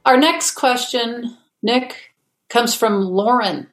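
A woman hosting a comedy advice podcast from home over a video call, reading listener letters in a dry, deadpan way. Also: fairly high pitch, slow, roomy sound, loud music behind the voice. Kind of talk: casual comedic chat.

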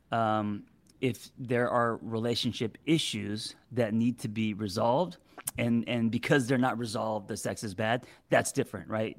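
Guy in his 40s rambling about relationships, lots of ums and restarts, keeps stumbling over words. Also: lowish voice. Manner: halting, trips over his words, many fillers and restarts. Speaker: relationship advice vlogger. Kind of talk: casual monologue to camera.

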